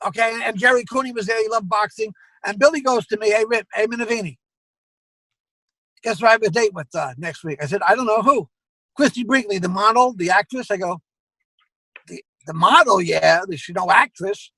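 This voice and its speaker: A man's voice: high-pitched, brisk, dry recording, low-quality recording. A man who owns a comedy club, telling anecdotes as a guest and acting out the exchanges he recalls. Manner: animated storyteller acting out quoted exchanges.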